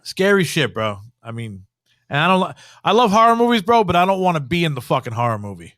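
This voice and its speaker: A man's voice: fairly high pitch, quick pace, no room sound, studio quality. A man telling a story in a casual podcast chat, rambling and swearing a lot. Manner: profane, rambling, animated storyteller. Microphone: podcast studio mic.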